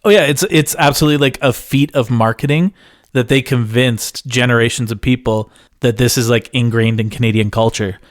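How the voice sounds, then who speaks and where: A man's voice: medium pitch, steady tone, brisk, no echo. A man co-hosting a casual podcast, adding dry, agreeable remarks. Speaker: podcast co-host.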